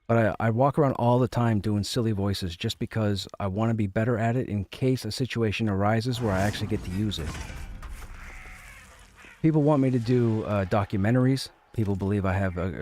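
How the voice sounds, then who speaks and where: A man's voice: on the low side, a little fast, a little mellow. A man streaming a game from home, chatting casually and rambling, often repeating his phrases. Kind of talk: casual chat.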